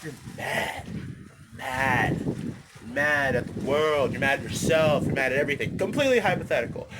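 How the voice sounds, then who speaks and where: A man ranting casually into his phone outdoors in the wind, rambling, animated, swearing freely and repeating himself. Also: medium pitch, normal speed. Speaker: vlogger. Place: outdoors, windy.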